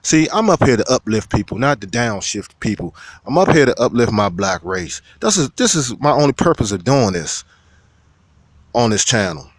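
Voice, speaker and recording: A man talking straight to his viewers as a video commentator, loud, profane and preachy. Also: mid-range voice, sing-song, normal speed, dry recording. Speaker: YouTube commentator. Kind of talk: casual vlog rant.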